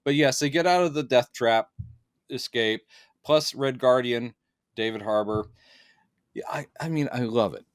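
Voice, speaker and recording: A man's voice: mid-range voice, a little slow, long pauses, clear, resonant tone, no room sound. Chatty man reviewing films, dry sound. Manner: chatty, quoting characters in playful voices. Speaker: film reviewer. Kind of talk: casual movie review chat.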